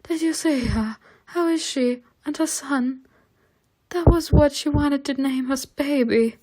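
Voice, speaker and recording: Woman voicing a grieving gentle angel teacher. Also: high voice, a little slow, voice pushed up.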